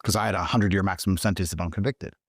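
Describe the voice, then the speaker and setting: A man telling a story as an interview guest, swearing constantly and talking with animated, emphatic energy, his voice jumping higher when he gets excited. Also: very fast, no room sound, clean studio sound. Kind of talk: profane storytelling in conversation.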